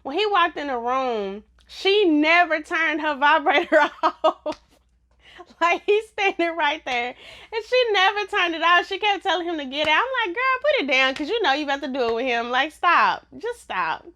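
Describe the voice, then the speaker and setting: A woman's voice: high-pitched, expressive, moderate pace, pushed and bright. A woman giving a casual, blunt TV review in a vlog, laughing often. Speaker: TV show reviewer.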